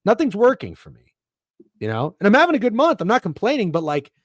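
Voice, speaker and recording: Brief: male betting-podcast co-host, lively swooping delivery, cussing, dry close mic. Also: high-pitched, fast talker, dry recording. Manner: profane, animated, rambling. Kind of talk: casual sports betting chat.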